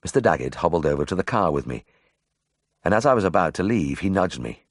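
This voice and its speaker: A man's voice: low voice, very animated, fast talker, dry recording, studio quality. A man narrating a memoir audiobook in the first person, telling the story expressively.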